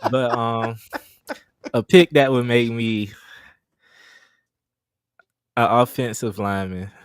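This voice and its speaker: A man dropping into a livestream as a guest, chatting casually and making dry, deadpan jokes. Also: medium pitch, slow, smooth, no echo. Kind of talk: casual chat.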